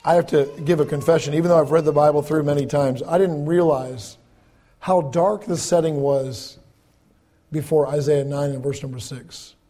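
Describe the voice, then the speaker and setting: A man preaching a sermon in a conversational way, repeating words and swinging between loud emphatic lines and soft, low ones. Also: fairly even intonation, normal speed. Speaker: pastor.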